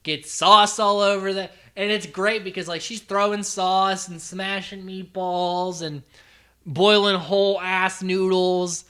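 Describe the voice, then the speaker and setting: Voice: mid-range voice, fairly even intonation, slow, a bit bright, clean tone. A podcast host recapping a reality show in a rambling, chatty way, full of "like" and casual swearing.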